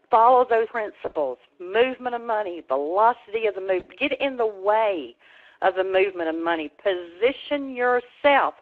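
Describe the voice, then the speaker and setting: A woman hosts a webinar with a rousing, preacher-like pep talk. Her pitch sits in the middle, and the sound comes through a tinny, phone-like line. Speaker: webinar host.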